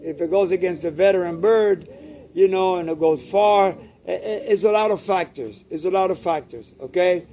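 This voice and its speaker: An older Cuban man who breeds pigeons talks casually to the camera in a high, mellow voice at normal speed. He is emphatic and repetitive, frequently adding "okay?" to the end of his points.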